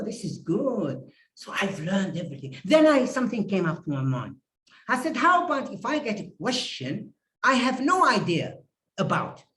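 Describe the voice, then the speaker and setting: Animated man telling a speaking story. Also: sits high, a little hiss or hum. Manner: animated storytelling with acted dialogue. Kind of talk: motivational speech. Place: virtual meeting. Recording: echoey room sound.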